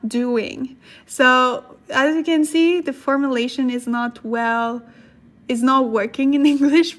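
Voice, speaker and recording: Sick woman hosting a casual livestream lesson, high and unhurried, thinks aloud. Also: fairly bright tone. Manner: thinks aloud, pauses to look things up, laughs at herself; slow careful explanations. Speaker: Korean language teacher on a livestream.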